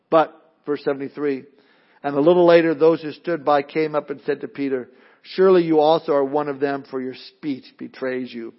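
A male preacher giving a sermon, swinging from loud urgent appeals to low hushed lines and acting out quotes. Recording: dull lo-fi recording.

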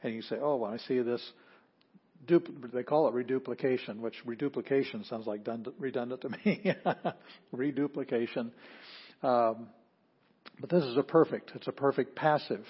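A man's voice: medium pitch, moderate pace, breathy edge, dull audio. A man teaching an introductory Greek class, explaining step by step and often restarting his phrases. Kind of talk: classroom lecture.

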